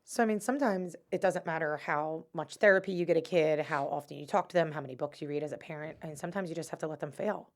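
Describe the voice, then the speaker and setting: A middle-aged woman co-hosting a parenting podcast in casual chat, chatty and quick to laugh. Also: sits low. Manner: chatty, laughing, quotes people in voices. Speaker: podcast co-host.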